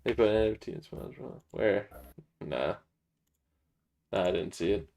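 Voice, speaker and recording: A man's voice: fairly low pitch, normal speed, gravelly, darkish tone, a little hiss or hum. Young man hosting a stammery stream chat. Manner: hesitant, stammering, full of fillers. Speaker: streamer and host. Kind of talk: casual gaming livestream chat.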